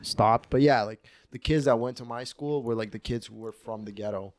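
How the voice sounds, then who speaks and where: Profane, animated young man telling stories. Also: mid-range voice, moderate pace, no echo. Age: 20s. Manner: profane, animated, slangy, acts out voices in stories. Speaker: podcast host. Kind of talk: casual comedic storytelling.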